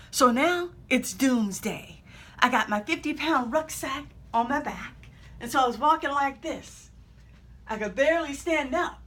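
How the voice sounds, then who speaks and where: Bright high-voiced woman motivational speaker. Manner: dramatic, acts out scenes with shouts and pauses. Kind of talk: motivational speech storytelling.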